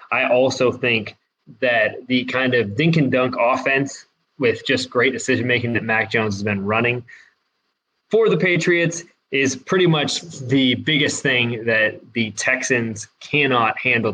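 Relaxed male sports podcast co-host. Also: mid-range voice, a little hiss or hum, rough recording. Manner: relaxed, confident picks with frequent "I think". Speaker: podcast co-host picking games. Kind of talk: casual sports betting chat.

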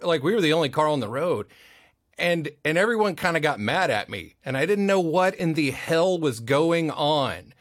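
Animated man telling funny stories. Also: on the high side, normal speed, dry recording, clean studio sound. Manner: animated storyteller, acts out the voices in his anecdotes. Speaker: podcast guest, voice actor. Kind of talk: casual storytelling chat.

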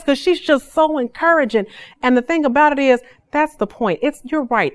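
A woman hosting a faith-based podcast, telling stories in an animated, preacherly way. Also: fairly high pitch, fairly quick, no room sound. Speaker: podcast host.

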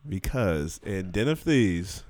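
A man's voice: sits low, a little mellow, dry recording. A man hosting a podcast in a joking, casual way, laughing often between lines. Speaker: podcast host. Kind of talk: casual chat.

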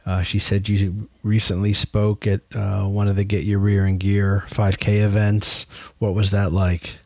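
Low-voiced interviewer man, dry sound. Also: completely flat delivery, a little slow, a little mellow, dry recording. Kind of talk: interview questions.

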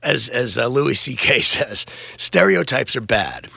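Middle-aged male musician, laid-back rambling storyteller with a gravelly, bright, dry close-mic voice. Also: medium pitch, very animated, measured pace, dry recording. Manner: laid-back, rambling, swears and laughs often. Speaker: touring musician guest. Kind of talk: casual podcast interview.

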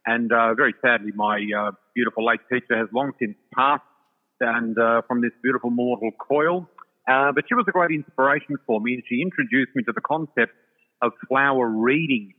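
A man's voice: medium pitch, fairly quick. An older Australian man, a psychic guest, telling his story in an effusive, chatty way with many fillers. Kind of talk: casual storytelling chat. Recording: tinny phone-like line with long reverb.

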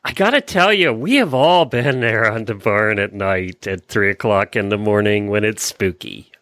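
A man co-hosting a podcast, telling a story in a chatty way with quick restarts and easy chuckles. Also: fairly low pitch, a bit bright, no echo. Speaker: podcast co-host. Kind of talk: casual chat and anecdote.

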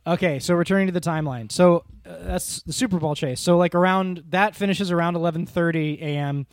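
A man's voice: on the high side, fairly quick, dry recording. A man co-hosting a podcast with his brother, chatting casually about a film in a rambling, self-interrupting, amused way. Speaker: podcast co-host. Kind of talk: casual movie-review chat.

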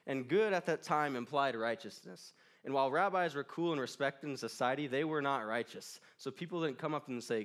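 A man's voice: on the high side, lively intonation, moderate pace, fairly bright tone. A young man preaching a casual, joking sermon in a church, laughing often between lines. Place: church in front of a crowd.

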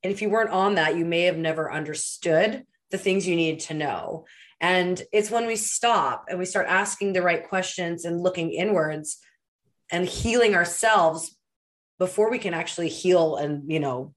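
A woman's voice: on the low side, moderate pace. A woman hosting a podcast interview, reflecting and encouraging her guest in casual talk. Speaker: podcast host.

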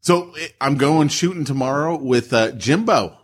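Guy in his 30s cohosting a podcast, bit husky, jokey storyteller, jumps way up high for quotes. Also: normal speed. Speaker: podcast co-host. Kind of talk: casual banter.

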